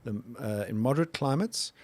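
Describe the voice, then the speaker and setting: Man, middle pitch, casual podcast co-host, halting restarts when reading aloud. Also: lively intonation, a little mellow. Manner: reads search results aloud with halting restarts. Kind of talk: casual chat.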